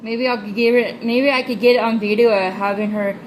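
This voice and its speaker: A woman's voice: steady tone, a little fast, slight background noise, poor audio. Chatty woman cooing over her pet. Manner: rambling, affectionate pet talk with high baby-talk bursts. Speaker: pet vlogger. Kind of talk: casual pet vlog. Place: home room by a reptile enclosure.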